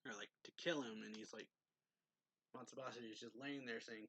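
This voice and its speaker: A man's voice: mid-range voice, fairly even intonation, a bit bright, slight background noise. A man recapping a manga chapter in a loose, chatty way, full of "like" and "um" as he retells each scene. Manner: loose and chatty, heavy use of "like" and "um", quick laughs. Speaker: manga reviewer. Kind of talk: casual plot recap review.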